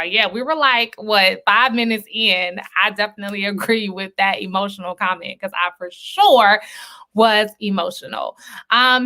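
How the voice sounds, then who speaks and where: A woman hosting a film screening stream in a chatty, animated way, with many fillers and laughs. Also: mid-range voice. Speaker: host. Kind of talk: casual livestream chat.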